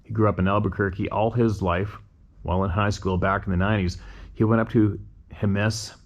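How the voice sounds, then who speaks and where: A man with a deep, low voice hosts a show and reads listener emails aloud. He stops now and then to muse in a relaxed, conversational way. His asides are full of rhetorical questions. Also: brisk. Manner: conversational, musing rhetorical questions between readings. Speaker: host reading listener emails. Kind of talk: reading listener emails aloud with casual commentary.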